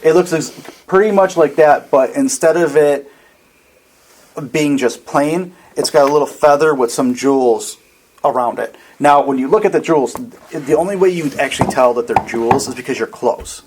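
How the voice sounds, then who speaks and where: A man running a tabletop game as dungeon master, describing scenes in a relaxed, rambling way with lots of fillers. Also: fairly high pitch, moderate pace, low-quality recording.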